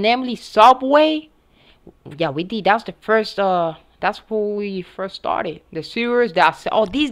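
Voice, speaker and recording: A young woman commenting on a horror game as she plays it, excitable and casually swearing, often yelling at what happens on screen. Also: fairly high pitch. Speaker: gamer, channel host. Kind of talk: let's play commentary.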